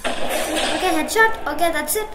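Woman gamer with a very high voice, unhurried and excitable, in an echoey room with loud noise behind. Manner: excitable, apologetic, bursts of shouting. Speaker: mobile game streamer. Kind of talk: casual gameplay commentary. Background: loud ongoing noise and clicks.

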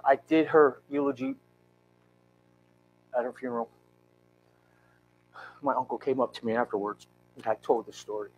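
A man in his fifties, a pastor, telling an emotional personal story in a church sermon with earnest, halting restarts. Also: medium pitch, dull audio, slight background noise. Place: church sanctuary.

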